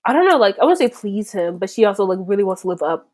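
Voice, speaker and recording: A woman guesting on a podcast in casual book-club chat, lively and quick to laugh. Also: medium pitch.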